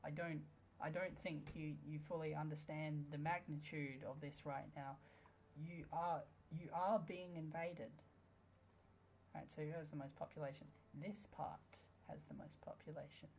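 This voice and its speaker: A woman's voice: deep voice, level tone, moderate pace, a little mellow, a little hiss or hum. A woman giving let's play commentary on a strategy game, sarcastic and playful, with frequent swearing. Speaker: gamer.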